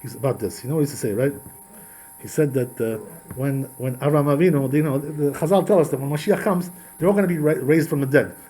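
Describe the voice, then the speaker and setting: A man's voice: fairly high pitch, fast, warm tone, breathy edge. A man, a rabbi giving a Torah lesson in an emphatic style full of rhetorical questions and repeated phrases. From Georgia.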